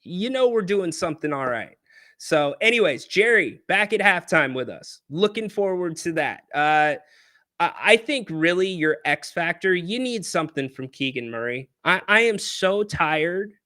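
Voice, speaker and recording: A man's voice: sits high, expressive, normal speed, sharp tone, no echo, studio quality. A man hosting a sports pregame podcast, bantering playfully with callers and the live chat from a hotel room.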